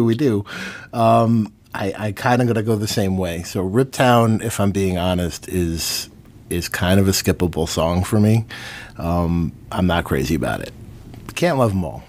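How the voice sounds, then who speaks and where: A man's voice: lowish voice, measured pace, darkish tone. A man co-hosting a podcast, chatting casually and candidly.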